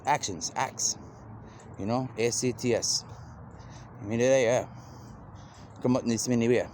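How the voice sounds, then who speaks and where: A man's voice: mid-range voice, a little mellow. Rambling man with faint background hiss. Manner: rambling, loose, repeats "you know" constantly, slips into quoted voices. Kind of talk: rambling monologue.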